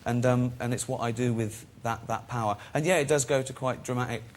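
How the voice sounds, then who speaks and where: A man's voice: mid-range voice, steady tone, brisk, slight background noise. A man, a chat show guest telling self-deprecating anecdotes in a casual, chatty way and laughing often.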